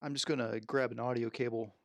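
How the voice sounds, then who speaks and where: Man, gravelly, mid-pitched, rambling unscripted stream talk into a headset mic, dry close sound. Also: steady tone, a little fast, no echo. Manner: rambling, thinking aloud while handling gear. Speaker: streamer unboxing music gear. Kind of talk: unscripted live stream chat. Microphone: headset microphone.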